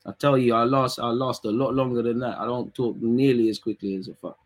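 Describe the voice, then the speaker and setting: A young man, chatting casually on a live stream, reading comments and teasing his chat in quick, slangy talk. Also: mid-range voice, fairly even intonation. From England.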